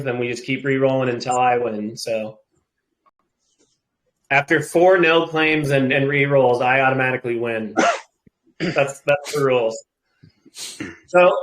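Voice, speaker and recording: Male host, feeling under the weather, rambling and emotional, mid pitch, roomy echo. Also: a bit bright. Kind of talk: casual livestream chat.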